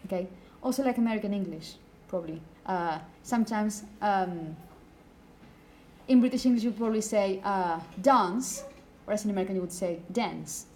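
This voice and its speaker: A woman teaching a class, talking through examples at an even pitch and stopping to ask the students questions. Faint noise hangs behind her in the classroom. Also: brisk, rough recording. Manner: explanatory, asks the class questions. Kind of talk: classroom lecture.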